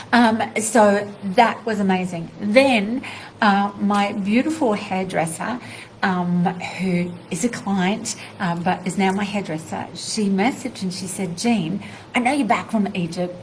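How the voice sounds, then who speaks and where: A woman, a spiritual teacher, telling a personal story in a live video, animated and heartfelt, acting out bits of dialogue. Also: medium pitch, slight background noise, rough recording.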